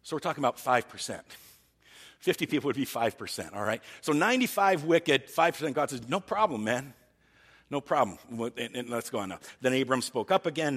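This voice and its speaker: A man's voice: mid-range voice, long reverb tail. A man preaching a sermon as pastor, earnest and thinking aloud, often restarting his sentences.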